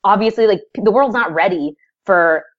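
A young adult woman, a guest in an interview, telling her story in a casual, animated way with laughing asides. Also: medium pitch, moderate pace, highs cut off.

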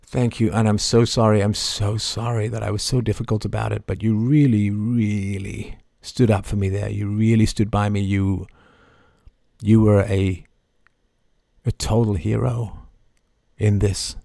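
A middle-aged man hosting a live show, talking passionately and swinging from soft asides to loud, emphatic outbursts. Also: fairly low pitch, flat delivery, a little slow, vocal fry, dry recording, studio quality. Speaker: show host. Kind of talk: impassioned live-stream monologue.

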